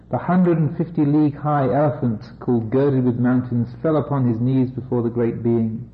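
A Buddhist teacher reading an old scripture story aloud and breaking off for amused, joking comments. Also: male voice, mid-range voice, steady tone, fairly quick, few pauses. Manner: wry and amused, breaking off for jokes. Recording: echoey, slightly dull room recording.

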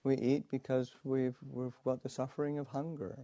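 Monk doing his old teacher, earnest and patient, mellow voice, dry sound. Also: medium pitch, little pitch movement, moderate pace, dry recording, pitched above the performer's own voice, natural voice. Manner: earnest, explaining. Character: wise older male meditation teacher, patient and earnest.

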